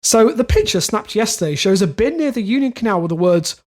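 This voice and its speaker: A young man co-hosting a comedic podcast reads odd news stories aloud, then rambles off into jokes. His high-pitched voice is very animated, brisk, and a little mellow.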